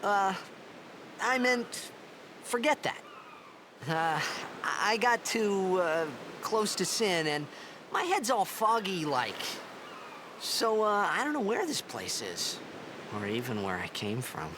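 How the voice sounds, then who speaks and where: An actor playing a confused young male athlete in a video game, talking in a hesitant, halting way. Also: sits high, sing-song, background noise, full character voice. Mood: dazed. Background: game music.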